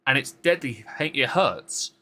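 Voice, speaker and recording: A man co-hosting a casual political chat, talking in an animated, exasperated way and swearing freely. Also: mid-range voice, measured pace, slight background noise. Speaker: co-host.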